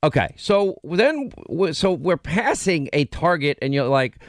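A brash man hosts a talk radio show, teasing and talking over his staff. His voice sits a bit high, and the studio sound is close and dry with no room around it. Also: sing-song, measured pace, dry recording. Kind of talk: casual on-air banter.

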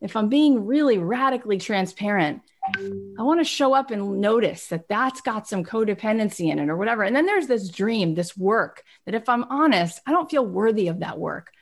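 A woman giving an earnest, emphatic self-help talk, swinging between soft and animated. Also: medium pitch, moderate pace. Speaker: inspirational speaker.

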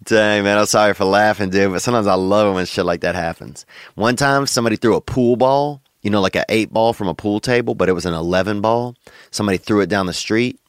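A young man hosts a podcast with a low, relaxed voice, drawling and joking in slang. The sound is dry and close, with no room around it. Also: quick pace, smooth, no room sound. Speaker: podcast host. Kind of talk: casual comedic chat.

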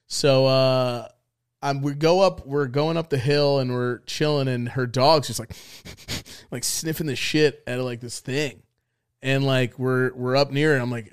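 A young man co-hosting a podcast, telling a story in animated casual chat with a lot of swearing and acted-out quotes. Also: a little high, normal speed. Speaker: podcast co-host.

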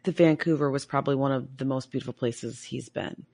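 A woman's voice: extremely low pitch, steady tone, a little fast, vocal fry, darkish tone. A woman with a Michigan accent co-hosting a podcast, chatty and self-deprecating in casual talk. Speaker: podcast co-host. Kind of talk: casual chat.

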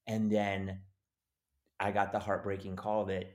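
A man with a fairly low voice tells a story in a relaxed interview. He is animated and jumps into the voices of the people in his story. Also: unhurried. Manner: animated, acts out quoted voices. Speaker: actor guest.

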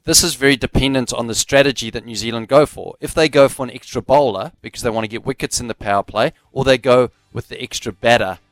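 A man with a South African accent co-hosting a sports radio show, giving measured, analytical takes. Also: mid-range voice, dry recording. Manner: measured, analytical, laughs easily. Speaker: radio sports co-host, former cricketer. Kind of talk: casual sports radio chat. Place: radio studio. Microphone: studio microphone.

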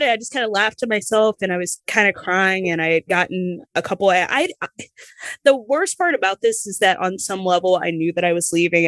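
A woman, a former pro wrestler, telling her story candidly in an interview, lively and acting out the voices of the people she quotes. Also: fairly low pitch, no room sound. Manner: animated, acts out quoted voices, laughs between lines.

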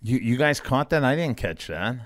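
Male podcast host, mid-pitched, easygoing interviewer, dry studio sound. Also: big pitch swings, normal speed, no echo. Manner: easygoing, reacts with laughs and exclamations. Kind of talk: casual interview chat.

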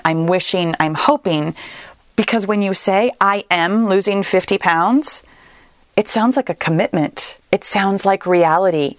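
A woman hosting a solo podcast, talking in a conversational, animated way with playful asides. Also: mid-range voice, no room sound, clean studio sound. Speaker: podcast host.

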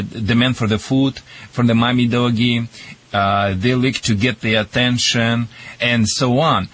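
A man with a Russian accent answers callers on a pet radio show, joking with them as he explains his dog-training tips. His phrasing is loose and non-native, and his pitch sits in a middle range. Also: a bit bright. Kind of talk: radio call-in advice.

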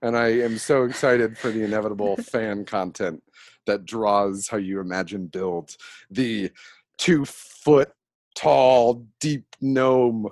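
A man's voice: fairly low pitch, slow, no room sound. Chatty man talking about role-play. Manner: chatty, animated, laughs often. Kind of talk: casual chat about role-playing.

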